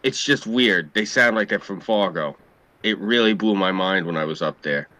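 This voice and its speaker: A man's voice: sits low, normal speed, sharp tone, no echo. A man with a New York accent, casually telling rambling, profane stories as a podcast host. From New York City area. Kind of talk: casual storytelling chat.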